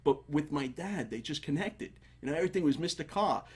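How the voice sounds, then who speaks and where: A man with a husky, slightly raised voice tells casual stories as a guest on a talk show. He is animated and laughs as he talks. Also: a little high, fairly quick. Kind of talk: casual storytelling.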